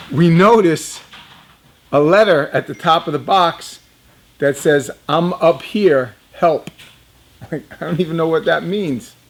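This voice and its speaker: A man's voice: fairly high pitch, slow pace, vocal fry, pauses often. A man in his fifties casually telling a personal story, chatty and laughing often, talking straight to young viewers. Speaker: reptile business owner.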